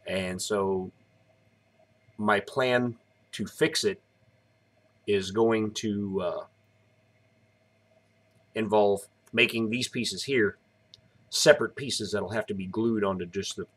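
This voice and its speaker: A man's voice: fairly low pitch, steady tone, slow pace, pauses often, fairly bright tone. A tired man in his thirties chatting casually on a live stream, rambling as he explains each step. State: tired, yawning.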